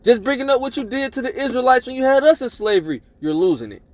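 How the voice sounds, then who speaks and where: Preacher, male, high voice, dry close sound, emphatic scripture-reading sermon. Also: lively intonation, quick pace, no echo. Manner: emphatic, tags lines with "man" and "all right?".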